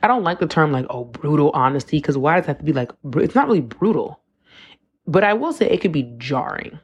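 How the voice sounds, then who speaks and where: Husky and low, with an animated, slightly fast delivery, this podcast host in her 20s muses casually on her own over dull-sounding audio. Her speech is loose, full of "like," and often doubles back to correct itself.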